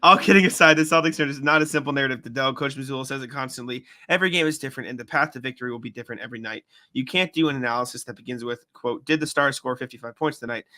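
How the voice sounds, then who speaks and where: A man's voice: medium pitch, very fast, few pauses, pushed and bright. A young man co-hosting a podcast, reading listener email aloud with slips and self-corrections. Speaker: podcast co-host.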